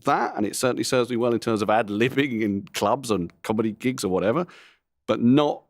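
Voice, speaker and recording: A man's voice: medium pitch, no echo. A middle-aged man, a comedian, talking candidly in an interview, rambling and self-deprecating with frequent asides. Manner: frank, rambling, self-deprecating, quick to laugh. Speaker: comedian guest.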